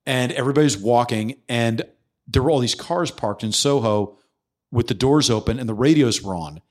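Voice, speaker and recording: A man's voice: mid-range voice, moderate pace. A man hosting a podcast, telling a story in casual conversation, acting out the voices he quotes and swearing freely. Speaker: podcast host.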